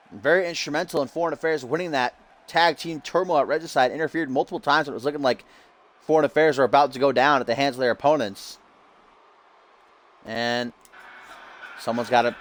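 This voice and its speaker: A man streaming a game, giving hyped-up, loose wrestling-show commentary full of casual asides. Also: medium pitch. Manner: upbeat hype, loose and casual with frequent "uh".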